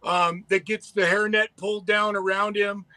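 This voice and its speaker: A man co-hosts a loose podcast conversation, piling up enthusiastic tangents. His voice sits high, and the recording is dry with no room sound. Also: little pitch movement, moderate pace, sharp tone, no room sound. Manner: enthusiastic, rambling storyteller with restarts. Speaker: podcast co-host. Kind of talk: casual chat.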